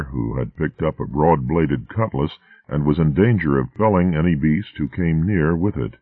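A man narrating a storybook in a steady, measured way. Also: very deep voice, slightly rough, dry recording. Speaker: audiobook narrator. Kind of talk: scripted narration. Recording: tinny narrow-band recording.

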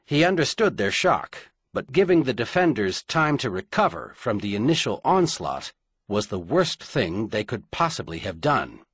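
A man narrating an audiobook in a dramatic, measured storytelling manner. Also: medium pitch, very animated, a bit bright, breathy edge, dry recording.

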